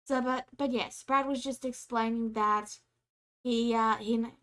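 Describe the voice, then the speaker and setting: A woman's voice: fairly high pitch, fairly even intonation, unhurried, fairly bright tone. Apologetic woman game master. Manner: apologetic, organizing, restarts. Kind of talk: running an online tabletop game.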